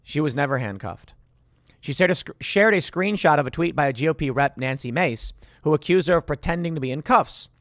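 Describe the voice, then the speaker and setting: A man from Chicago hosts a commentary show, talking over news clips in a sarcastic, indignant way. His voice sits a little high for a man. The recording is dry and close, with no room sound. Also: animated, a little fast, a bit bright, no echo. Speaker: political commentary host.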